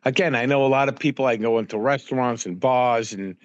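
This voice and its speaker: A man's voice: mid-range voice, a little fast, no room sound, lo-fi sound. A man guesting on a podcast, telling casual anecdotes and acting out the dialogue in them. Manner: acts out dialogue in stories, many fillers.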